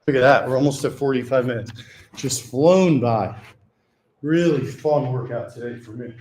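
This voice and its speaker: A man's voice: medium pitch, moderate pace, darkish tone, echoey room, a little hiss or hum. A man talking to the camera during a gym workout, casual and profane, hyping himself up between sets and now and then short of breath. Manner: profane, hyped self-talk between sets. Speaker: fitness vlogger. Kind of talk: casual workout vlog talk.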